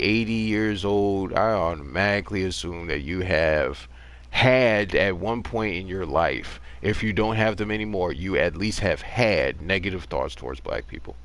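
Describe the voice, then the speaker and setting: A man's voice: low-pitched, a bit bright. A man in his thirties ranting bluntly and sarcastically during a casual gaming livestream, with plenty of profanity. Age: 30s.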